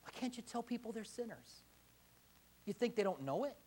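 Male pastor, high animated voice, impassioned sermon delivery in church. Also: moderate pace, a little hiss or hum. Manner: impassioned, rising to emphatic exhortation.

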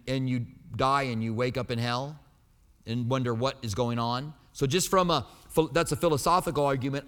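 A man's voice: medium pitch, a bit bright, smooth, in a large hall. A man preaching a sermon as a pastor. He teaches from the Bible in an emphatic, conversational way.

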